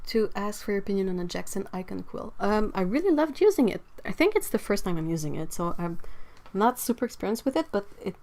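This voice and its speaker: A woman's voice: medium pitch, big pitch swings, fast, hardly any pauses, dark tone. A woman hosting a livestream in a casual chat while painting. She reads viewer comments aloud and laughs often.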